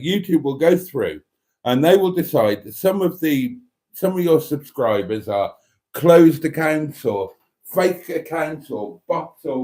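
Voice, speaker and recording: Tipsy from wine, a man hosts a casual livestream, chatting, laughing and reading comments aloud. His voice is on the high side and a little mellow.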